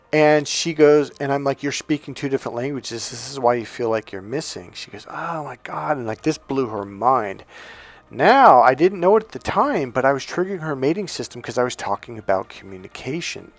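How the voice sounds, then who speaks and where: A middle-aged man who works as a dating coach, telling a personal story in a loose, profane, animated way and laughing along as he goes. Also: medium pitch. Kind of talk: casual storytelling monologue.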